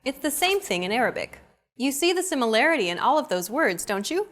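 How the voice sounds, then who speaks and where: A young adult woman hosting a language lesson in an upbeat, clear teacherly delivery. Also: high-pitched, big pitch swings, a little fast, a bit bright. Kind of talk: scripted lesson narration.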